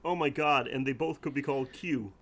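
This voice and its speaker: A man's voice: medium pitch, brisk, fairly bright tone. A man co-hosting a podcast, recapping a movie casually with laughs and swearing. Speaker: podcast co-host.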